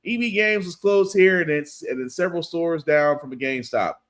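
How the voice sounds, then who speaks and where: A man's voice: fairly high pitch, fairly quick, a bit bright. A man hosting a casual podcast, talking loosely with plenty of fillers. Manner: loose, rambling, lots of fillers. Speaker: podcast host. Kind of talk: casual chat.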